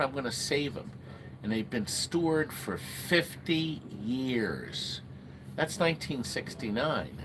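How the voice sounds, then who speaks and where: Chatty middle-aged man hosting a livestream. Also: medium pitch. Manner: rambling, chatty, talks to viewers by name. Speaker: livestream host selling arcade games. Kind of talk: casual livestream chat. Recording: noisy room ambience.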